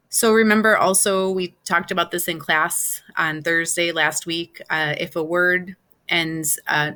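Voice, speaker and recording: A woman teaching a Spanish class, explaining step by step with many pauses and fillers. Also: low-pitched, pushed and bright. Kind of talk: online class lesson.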